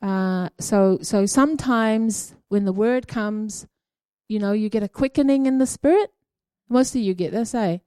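A woman gives an informal church teaching, talking through her experiences in a loose, halting way full of ums and tag questions. Her voice is mellow and warm, and the recording is dry and close. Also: mid-range voice, smooth, no room sound. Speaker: church speaker sharing prophetic experiences.

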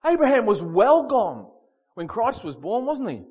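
A man preaching a sermon in an animated, storytelling way, repeating words for emphasis. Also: very high-pitched, a little slow, slightly rough, lo-fi sound.

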